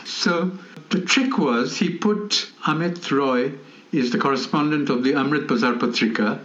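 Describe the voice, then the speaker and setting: A man's voice: a little high, moderate pace. An older man from Calcutta, a veteran foreign correspondent telling anecdotes with chuckles and frequent ums and you-knows. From India, Calcutta. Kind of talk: anecdotal storytelling in an interview. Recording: roomy, slightly dull recording.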